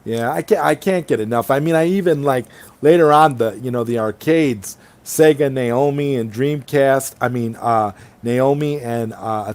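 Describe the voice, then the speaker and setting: A man's voice: mid-range voice, darkish tone. A man hosting a casual late-night livestream chat, reading viewer comments aloud and rambling enthusiastically between them over an online call. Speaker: livestream host. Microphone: online streaming call.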